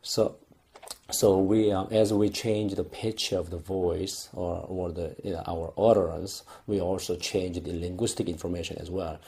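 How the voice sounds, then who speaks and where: Low, husky man giving a lecture. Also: fairly even intonation, mellow. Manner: unhurried explaining with frequent fillers and restarts. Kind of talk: recorded lecture.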